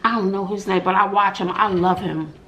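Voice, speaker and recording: A woman's voice: mid-range voice, fairly even intonation, a bit bright, lo-fi sound, slight background noise. Chatty woman eating and telling stories. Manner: talks between bites with drawn-out "mm-mm" asides. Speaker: mukbang host. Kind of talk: chatty storytelling while eating.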